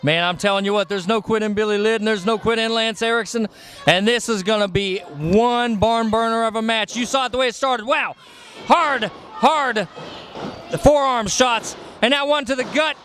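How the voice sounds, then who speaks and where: A man calling wrestling play-by-play, excitable as he names each move. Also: sits high, a little hiss or hum. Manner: excitable, calls moves rapidly.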